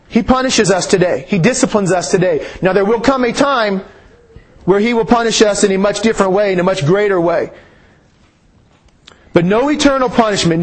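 Guy preaching a sermon, highish voice, slow and punchy, gets louder on the big lines. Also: breathy edge. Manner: slow emphatic delivery, rises on key phrases. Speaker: pastor.

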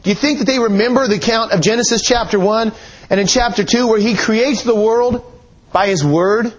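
A man with a fairly high, husky voice delivers a sermon. He reads scripture passages aloud and presses his points with earnest, emphatic rhetorical questions. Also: a little fast, rough recording. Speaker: preacher.

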